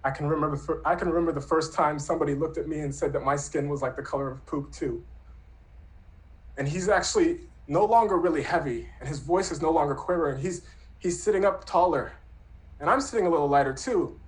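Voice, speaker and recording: A man in his thirties tells a true story from his own life, speaking earnestly and reflectively. His voice sits a little high for a man, and his delivery stays soft and unhurried. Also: poor audio. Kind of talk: personal storytelling.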